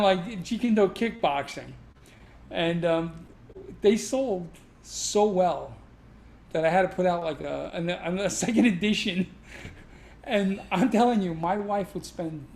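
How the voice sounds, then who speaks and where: A man's voice: sits high, slight background noise. A middle-aged man, casually telling laughing, profane stories about his martial arts past. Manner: animated, laughing, profane anecdotes. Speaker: guest martial arts instructor. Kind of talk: casual storytelling chat. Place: martial arts school in New York City.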